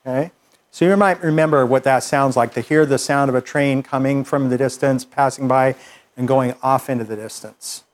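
A man teaching a workshop group, explaining in a relaxed, conversational way with fillers and restarts. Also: mid-range voice, moderate pace. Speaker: workshop instructor.

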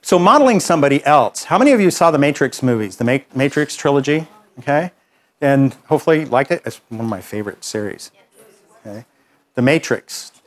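A man's voice: mid-range voice, big pitch swings, fast talker. A man leading a workshop, teaching a group and telling anecdotes in a conversational way that keeps checking in with listeners. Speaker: workshop trainer.

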